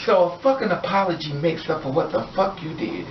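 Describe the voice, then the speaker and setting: A woman's voice: lowish voice, a little fast, far from the mic, slight background noise. A woman vlogger delivering an angry, blunt, profane rant straight to her viewers. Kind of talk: impassioned rant to camera. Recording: echoey room, off mic, dull lo-fi sound.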